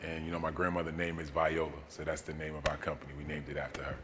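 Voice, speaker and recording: A man telling a personal story as a guest at a seminar, relaxed and folksy with many fillers, recorded in a large hall. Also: a bass voice, fast talker, background noise. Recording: long reverb of a seminar hall.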